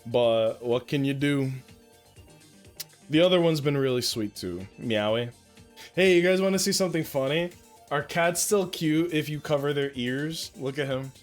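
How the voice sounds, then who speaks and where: Speaking into a close desk mic at home, a young guy talks casually to his stream audience, occasionally swears, and baby-talks his cat. His voice is a little high and moves at a moderate pace over faint background music.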